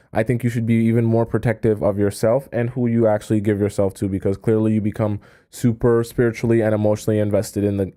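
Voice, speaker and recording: A man's voice: lowish voice, mellow. A man hosting a live stream as a dating coach, giving casual advice in a chatty way, often checking in with "okay?" and using coy euphemisms.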